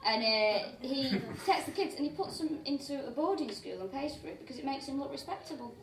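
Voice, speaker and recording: High, quick-talking woman comedian. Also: animated, slight background noise. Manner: chatty, chiming in with asides. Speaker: comedian co-host. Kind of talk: live comedy podcast banter. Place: windowless venue at a festival, live audience. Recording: roomy live venue from a distant mic.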